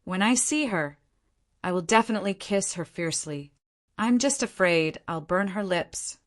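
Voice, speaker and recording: A woman's voice: medium pitch, moderate pace, natural voice. A woman voicing a chattering, boastful young man who rambles on in self-pity. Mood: rambling.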